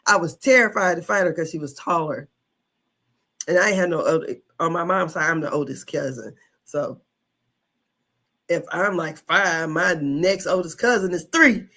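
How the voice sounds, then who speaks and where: A woman's voice: on the low side, moderate pace, sharp tone. A woman in her fifties, a podcast host telling a childhood story in casual chat, laughing often and swearing freely.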